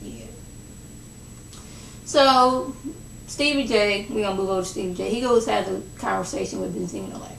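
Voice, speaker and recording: A young woman chats through a reality show recap with a gravelly edge, dropping into a lower voice when she acts out what the cast said. She sounds a little off-mic, in an echoey room. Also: very animated, moderate pace, pauses often, fairly bright tone, recorded from a distance, slight background noise. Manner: chatty, gossipy, acts out quoted lines in lowered voice. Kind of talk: casual recap vlog.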